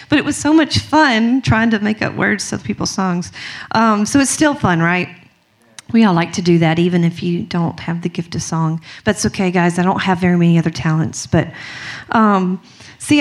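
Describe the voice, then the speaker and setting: A young woman from Mississippi with a strong Southern accent chats casually to a group, giggly and full of fillers. Her voice is medium-pitched at normal speed.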